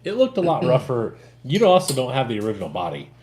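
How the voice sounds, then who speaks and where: Lively, animated man in casual chat. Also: mid-range voice, quick pace, a little hiss or hum. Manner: animated, jokey, swings up into loud bursts. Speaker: co-host of a livestream.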